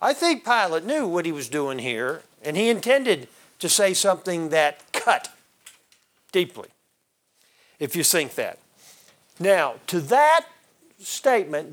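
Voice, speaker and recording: A man's voice: sits high, fairly bright tone. A man teaching a Bible class, quizzing his listeners and calling on them by name. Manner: questions the class and calls on members by name.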